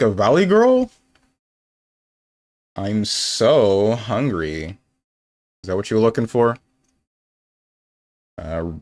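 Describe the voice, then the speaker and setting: A young game streamer with a lowish voice chats casually on his live stream, thinking aloud in a rambling, playful way. There's no room sound.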